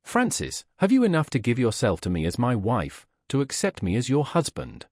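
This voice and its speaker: A man's voice: mid-range voice, huge pitch swings, moderate pace, a little mellow, no echo, clean studio sound. A man reading a stern, earnest young teacher. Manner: earnest, insistent questioning. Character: stern but tender young male teacher proposing.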